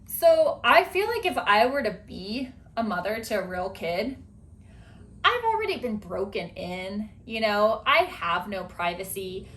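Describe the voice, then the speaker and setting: A woman hosting a podcast in casual chat, chatty and animated with lots of filler words. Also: medium pitch, unhurried. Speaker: podcast host.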